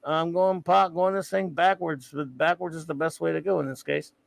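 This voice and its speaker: A man's voice: a little high, steady tone, normal speed, vocal fry, no echo, low-quality recording. A man co-hosting a podcast in casual chat, rambling and joking between impressions. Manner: jokey, rambling, drops into impressions. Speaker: podcast co-host.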